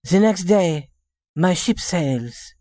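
A woman's voice: lowish voice, lively intonation, takes it slowly, mellow, dry recording, studio quality. A woman voicing a young shop girl posing as a rich lady, speaking politely in a scripted story reading. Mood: genteel. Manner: polite, genteel, then plainly candid.

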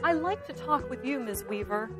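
An American woman in a scripted English lesson dialogue, speaking clearly and a little apologetically. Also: high voice, animated, moderate pace, music in the background. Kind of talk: slow scripted dialogue for learners.

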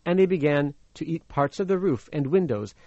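With a slightly high voice at a moderate pace and no room sound, an LA man plays slang teacher, using a fairy tale to explain idioms. He is playful and animated and laughs easily, and the audio has a faintly muffled, radio-like quality.

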